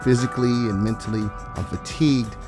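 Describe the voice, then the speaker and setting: A man's voice: fairly low pitch, a little fast. A man running a long charity run, talking casually and earnestly to his camera over background music. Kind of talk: casual vlog talk.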